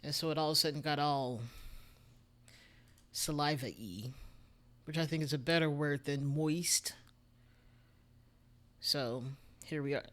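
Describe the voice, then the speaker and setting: Speaking from a home studio into a desk microphone, a Texas music streamer with a Texan accent chats casually and rambles to his viewers in a livestream. His medium-pitched voice is fairly bright and a little slow, with long pauses.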